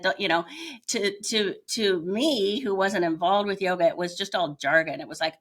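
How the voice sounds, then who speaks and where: A woman's voice: fairly low pitch, moderate pace, fairly bright tone. An older woman, a retired teacher now teaching yoga, candidly telling her own story as an interview guest and searching for her words as she goes. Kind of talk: reflective personal storytelling.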